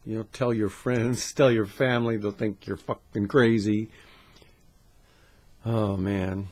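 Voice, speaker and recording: A man hosting his own channel, ranting to camera with constant swearing, jumping between loud outbursts and muttered asides. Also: on the low side, little pitch movement, takes it slowly. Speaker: channel host. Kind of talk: profane conspiracy rant to camera.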